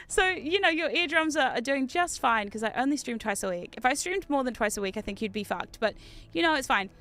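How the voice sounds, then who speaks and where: A woman with a New Zealand accent giving casual gameplay commentary as a streamer. She talks loudly and excitably and swears a lot. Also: sits high, normal speed. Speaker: VTuber streamer.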